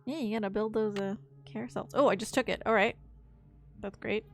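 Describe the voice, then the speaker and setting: A woman's voice: medium pitch, fairly even intonation, brisk, vocal fry. A young woman chatting casually while she plays a game, rambling and swearing when she gets stuck. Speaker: streamer. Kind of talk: casual live-stream commentary while playing.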